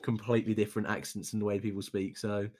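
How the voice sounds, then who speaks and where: A man's voice: on the low side, level tone, fast, a little mellow. A man co-hosting a livestream in easygoing casual chat, laughing along. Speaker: co-host.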